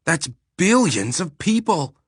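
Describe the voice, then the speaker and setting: A male narrator plays a sardonic starship captain who keeps losing patience, with a bright, forceful edge. He snaps and grumbles rather than shouts. The sound is close and dry. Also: medium pitch, expressive, no room sound, voice pushed up. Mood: exasperated. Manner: sardonic, quick-tempered, exasperated.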